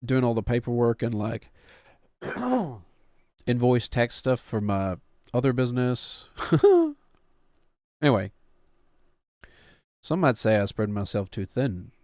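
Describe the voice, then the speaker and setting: A man's voice: mid-range voice, sing-song, slow, long pauses, a little mellow, dry recording, studio quality. A man in his thirties, a streamer who chats casually in a rambling, wry, self-mocking way. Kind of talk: casual chat.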